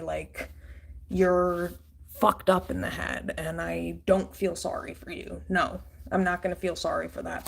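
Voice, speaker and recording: A woman's voice: lowish voice, creaky, breathy edge. A woman giving a casual tarot reading in a blunt, profane, rambling way. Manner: loose, rambling with fillers. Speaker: tarot reader.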